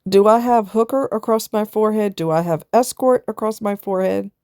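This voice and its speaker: A woman's voice: mid-range voice, a little fast, darkish tone, no echo, clean studio sound. A woman vlogger giving blunt, preachy casual commentary, firing off rhetorical questions and answering them herself.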